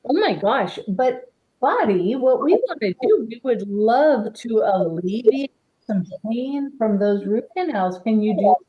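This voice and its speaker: A woman presenting an energy-healing workshop demonstration in an indoor event room, gently encouraging and guiding a participant. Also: a little high, lo-fi sound.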